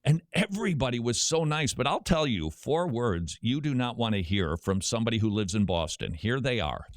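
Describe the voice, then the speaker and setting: Lively middle-aged male radio host. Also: mid-range voice, no echo, studio quality. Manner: lively, joking storyteller with quick asides. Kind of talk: talk radio commentary.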